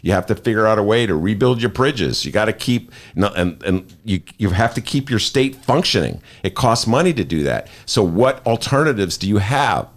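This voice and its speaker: A man with a Chicago accent hosts a talk show from a studio, making his points in an emphatic, argumentative way. His pitch swings widely as he talks. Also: animated, moderate pace, few pauses. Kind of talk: opinionated political talk. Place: podcast studio.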